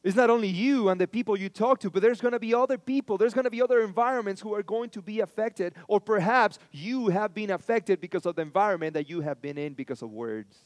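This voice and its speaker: A man's voice: high voice, quick pace, few pauses, dry recording. A man preaching a sermon as pastor, telling stories in a conversational way and repeating lines for emphasis.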